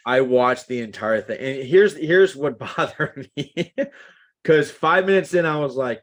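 A man in his thirties co-hosting a casual podcast chat, animated and acting out the lines he quotes. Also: mid-range voice, measured pace. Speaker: podcast co-host.

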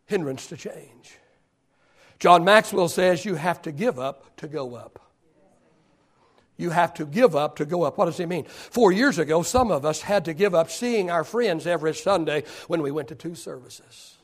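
An older man, a pastor, preaching a sermon that swings from quiet storytelling to loud shouting. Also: on the high side, animated, moderate pace.

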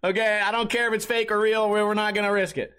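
A man with a high, sharp, bright voice hosts a comedy podcast. He rambles through crude, profane stories and keeps breaking off and restarting his sentences. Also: level tone, quick pace, clean tone. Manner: crude, profane storytelling with laughter. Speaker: podcast host and streamer. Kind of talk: comedic casual chat.

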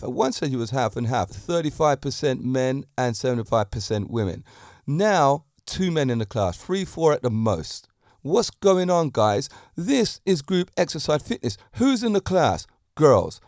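A man hosting his own podcast, a fitness teacher talking about romance in a lively, preachy way with many rhetorical questions into a handheld mic. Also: medium pitch, no echo, clean studio sound. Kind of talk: solo podcast talk on romance.

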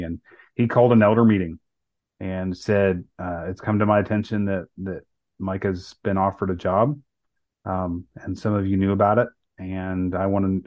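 A man's voice: deep voice, no echo, highs cut off. A man co-hosting a podcast, earnestly recounting a personal story in casual talk with many fillers and restarts. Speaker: podcast co-host.

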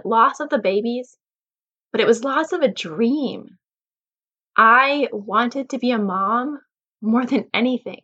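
A woman's voice: medium pitch, fairly bright tone, highs cut off. Emotional woman sharing a personal story. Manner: emotional, candid, faith-centered. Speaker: podcast host.

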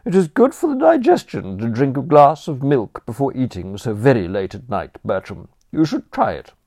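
A man's voice: mid-range voice, big pitch swings, moderate pace, a little mellow, no room sound, studio quality, voice pushed up. A man reading an audiobook voices a formidable, haughty older aunt with a commanding manner. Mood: imperious. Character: formidable stern older aunt, imperious woman. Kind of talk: audiobook character voice.

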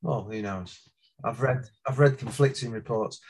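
Measured man talking football. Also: medium pitch, a little mellow, husky. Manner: measured, thoughtful, lots of "um". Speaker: football podcast guest, Liverpool fan. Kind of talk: casual chat.

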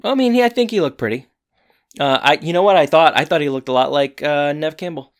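A man co-hosting a podcast, recapping a TV episode in a rambling, halting, self-correcting way. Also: fairly high pitch. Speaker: podcast co-host. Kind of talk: casual TV episode recap chat.

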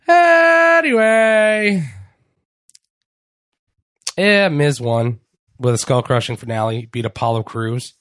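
A man's voice: mid-range voice, animated, no room sound. Brief: male podcast co-host, casual wrestling recap, swears freely, rambles, dry close mic. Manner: profane, rambling, with quick impressions.

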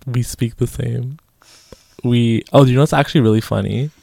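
A man's voice: mid-range voice, steady tone, moderate pace, creaky, dark tone, dry recording. A man with a Montreal Jewish accent chatting casually on a podcast, teasing and joking. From Canada. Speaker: teaching fellow, podcast guest. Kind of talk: casual chat.

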